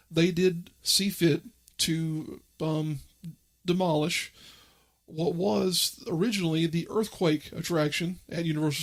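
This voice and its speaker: A man hosting his own podcast, talking in a chatty, rambling way with fillers. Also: fairly high pitch. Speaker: podcast host. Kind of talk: casual monologue.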